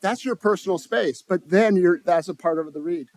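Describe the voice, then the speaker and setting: A man's voice: high voice, normal speed, a little mellow, dry recording. Man giving a conference talk, dry close sound. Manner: conversational, restarts phrases, asks the audience questions. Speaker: conference speaker. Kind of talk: live conference talk to an audience. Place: conference room.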